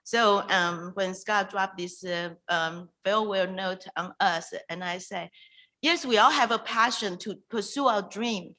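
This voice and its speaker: A woman hosting a virtual reading night, introducing a poet in an emotional, halting way over a video call. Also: mid-range voice, pushed and bright, low-quality recording. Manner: emotional, halting, with restarts and pauses. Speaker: event host introducing a poet.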